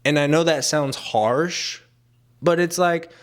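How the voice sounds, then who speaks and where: A man's voice: a little high, takes it slowly. Exasperated young man ranting. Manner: exasperated, sarcastic, mimics people he quotes. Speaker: vlogger. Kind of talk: casual rant to camera.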